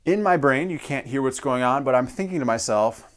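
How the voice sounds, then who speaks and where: A man's voice: mid-range voice, animated, brisk, noisy background. A male drum teacher explaining a practice exercise step by step and counting beats aloud. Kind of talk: instructional demonstration.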